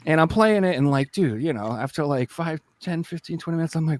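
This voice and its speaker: Animated man telling a story on a podcast. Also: fairly high pitch, fairly quick, few pauses. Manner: animated storyteller acting out his own past reactions. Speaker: podcast co-host. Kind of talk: casual chat.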